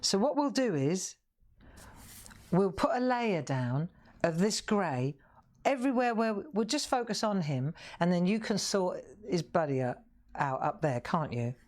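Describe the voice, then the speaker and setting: A woman's voice: on the low side, lively intonation, measured pace, darkish tone. A middle-aged woman hosting a live colouring demonstration, chatty and encouraging as she talks straight to viewers. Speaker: craft show host.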